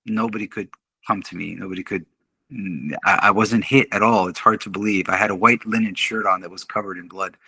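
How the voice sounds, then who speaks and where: A middle-aged man, a podcast guest, telling a story in casual talk, animated and laughing often as he acts out what others said. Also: sits low, brisk, creaky, breathy edge, no room sound. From Canada. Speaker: podcast guest, martial arts instructor.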